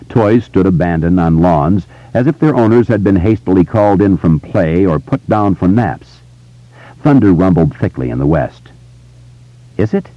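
A man narrating an audiobook in a measured, tense storytelling manner. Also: sits low, no room sound, highs cut off. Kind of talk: scripted narration.

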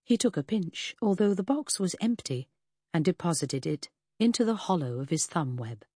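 A woman narrating a first-person audiobook in a measured, expressive way. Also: sits low, husky, dry recording, clean studio sound.

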